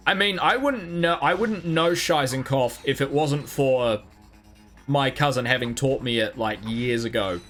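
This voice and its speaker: A man's voice: medium pitch, unhurried, a bit bright, faint music behind. A man streaming a video game live, muttering and humming as he plays, swearing freely, mocking himself and rambling as he answers chat. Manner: swears freely, mutters and hums while playing. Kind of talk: live gameplay commentary, reading chat.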